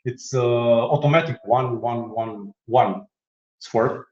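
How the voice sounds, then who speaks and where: A man walks through a software demo in easy conversation, joking and laughing as he goes. He stumbles and restarts often. The audio is roomy and slightly muffled. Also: medium pitch, slow pace. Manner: playful, laughs often, many filler restarts. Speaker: guest demonstrating software. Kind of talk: casual tech demo chat.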